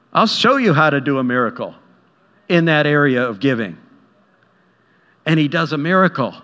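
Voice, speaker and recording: A pastor delivers a conversational sermon, retelling scripture and personal stories, acting out the voices in them and chuckling at his own tales. His mid-range voice is fairly bright, with lively intonation, normal speed, and frequent pauses. The recording sounds dull, with long hall reverb.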